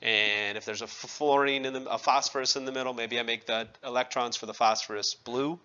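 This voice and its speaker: A man's voice: mid-range voice, steady tone, a little fast, pushed and bright, smooth, highs cut off. A man teaching a chemistry class in a conversational lecture, asking his students questions and making wry asides.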